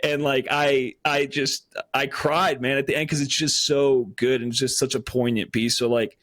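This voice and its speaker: A man's voice: mid-range voice, flat delivery, moderate pace, fairly bright tone, dry recording. A man co-hosting a casual podcast chat, talking earnestly and rambling with many fillers, getting choked up. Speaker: podcast co-host.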